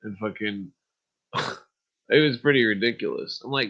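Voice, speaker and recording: A man's voice: medium pitch, normal speed, pauses often. A man hosting a podcast, ranting in a rambling, profane monologue full of fillers and short laughs. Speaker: podcast host. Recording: dull lo-fi audio.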